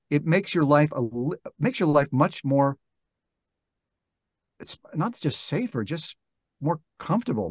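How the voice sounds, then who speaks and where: An older man, a guest on an interview podcast, telling stories in a reflective, halting way and acting out quoted dialogue. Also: a little high, a little mellow, no echo, studio quality. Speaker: interview guest, narrator and actor. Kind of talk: relaxed storytelling interview talk. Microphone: podcast microphone.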